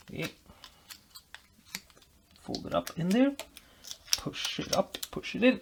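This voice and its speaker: A man's voice: high-pitched, lively intonation, slow pace, gravelly, long pauses, slight background noise. A man vlogging as he builds a guitar, explaining while he works, rambling and making self-deprecating jokes. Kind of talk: casual workshop tutorial chat.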